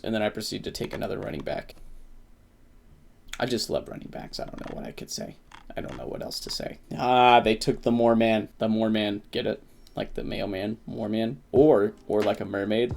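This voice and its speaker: A man giving casual, excitable commentary on his fantasy football draft, who swears at picks. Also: on the low side, gravelly. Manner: says he slipped into a put-on accent.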